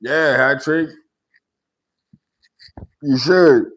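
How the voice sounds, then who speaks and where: A man's voice: medium pitch, drawn-out words, a bit bright, highs cut off. A man hosting a casual livestream, talking to chat in a laid-back way, laughing often and tagging sentences with "right?". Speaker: livestream host chatting with viewers. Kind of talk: casual live-stream chat.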